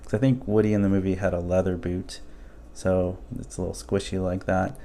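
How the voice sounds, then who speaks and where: A man with a somewhat low voice talks through a toy comparison in an easy, casual way. He thinks aloud and drops in relaxed ums as he goes. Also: brisk, a little hiss or hum. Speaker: toy reviewer. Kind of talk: casual product review.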